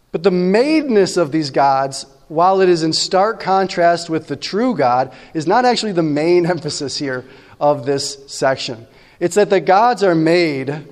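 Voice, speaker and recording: High-voiced preaching man in a reverberant hall. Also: animated, measured pace. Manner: conversational preaching with frequent "right?" asides. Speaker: pastor. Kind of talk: sermon.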